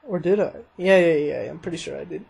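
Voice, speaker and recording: A young man with a fairly high, gravelly, slightly rough voice talks quickly as he casually commentates his racing game. He rambles, jokes about himself, and gets easily excited at the action. The recording is low quality, with racing game music and car engine noise behind him.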